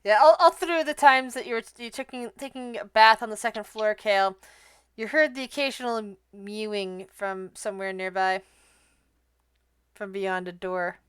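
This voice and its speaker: A woman runs a tabletop game in a relaxed, thinking-aloud manner. Her voice is smooth and resonant at a middle pitch. The sound is dry and close. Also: moderate pace, no room sound. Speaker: game master.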